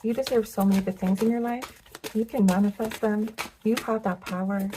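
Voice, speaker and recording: A young woman giving a pick-a-card tarot reading, gentle and affirming, with many filler words. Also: mid-range voice, steady tone, brisk, noisy background. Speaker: tarot reader.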